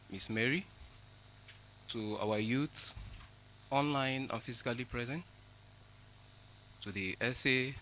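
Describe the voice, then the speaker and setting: Bright-toned Nigerian official. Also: male voice, mid-range voice, a little hiss or hum, rough recording. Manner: formal, runs through protocol greetings. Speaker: government representative. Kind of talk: formal welcome address.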